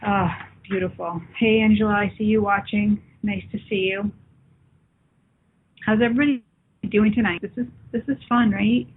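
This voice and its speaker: A woman hosting a spiritual call-in show, chatting warmly with callers and viewers and calling them love. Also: mid-range voice, fairly even intonation, moderate pace, husky. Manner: warm, affectionate, calls people love. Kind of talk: live call-in talk with viewers. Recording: phone-like lo-fi line.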